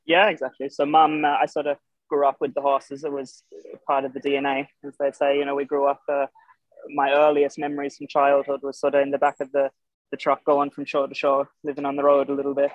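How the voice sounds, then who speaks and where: A young Australian man with an Irish-tinged accent, a showjumping guest chatting casually, halting with many fillers and restarts. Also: mid-range voice, completely flat delivery, no echo. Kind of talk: casual interview chat. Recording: dull lo-fi podcast sound.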